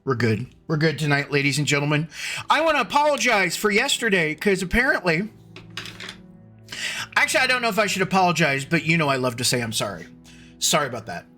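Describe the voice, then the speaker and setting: Male streamer, high and bright tone, loose rambling chat host, faint music bed. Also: big pitch swings, brisk. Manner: rambling, restarting sentences, greeting chat by name. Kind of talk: casual live-stream chat. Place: at home computer.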